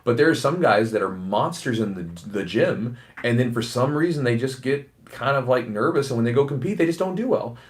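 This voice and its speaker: A man with a faint Southern US accent, hosting a casual podcast chat, talking fast with many fillers and restarts. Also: medium pitch, animated. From American South. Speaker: podcast host and jiu-jitsu instructor.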